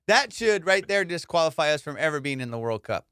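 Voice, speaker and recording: Male comedy podcast host, rambling and profane, slightly high voice, dry mic. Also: very animated, brisk, hardly any pauses, sharp tone, clean tone, no echo. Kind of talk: casual comedic banter.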